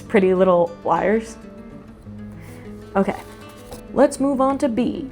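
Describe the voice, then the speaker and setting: A young woman hosting a relaxed craft vlog, chatting casually and rambling into sudden asides to herself. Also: medium pitch, measured pace, pauses often, faint music behind. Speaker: host. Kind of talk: casual chat while doing a craft.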